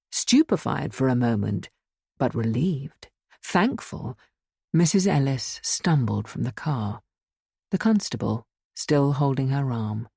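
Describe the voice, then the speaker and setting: A woman's voice: very deep voice, gravelly, mellow, slightly rough, dry recording, studio quality. A woman reading a horror story aloud as an audiobook narrator, giving the figures their own voices.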